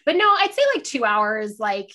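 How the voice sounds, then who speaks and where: A woman's voice: on the high side, normal speed. Chatty, swearing woman telling stories. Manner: chatty, swearing, animated storytelling with laughs. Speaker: drag performer guest. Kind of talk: casual interview chat. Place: sitting by a window, on a video call.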